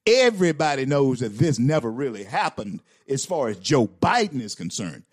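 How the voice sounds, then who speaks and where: A man's voice: mid-range voice, very animated, moderate pace, breathy edge, no echo, studio quality. A man hosting a talk show, giving opinionated political commentary with emphatic repetition and stammered restarts. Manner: emphatic, repeats lines for effect.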